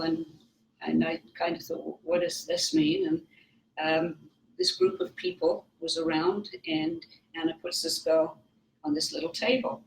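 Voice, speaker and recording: An older woman with a Welsh accent, a psychic guest telling anecdotes in an interview, lively and acting out other people's lines. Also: lowish voice, a little slow, creaky. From Wales. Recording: roomy, distant mic, faint noise.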